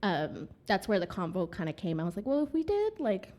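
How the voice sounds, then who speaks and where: Lively young woman telling a story. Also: mid-range voice, fairly quick. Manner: animated, laughs often, acts out quotes. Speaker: podcast guest. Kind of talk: casual storytelling chat.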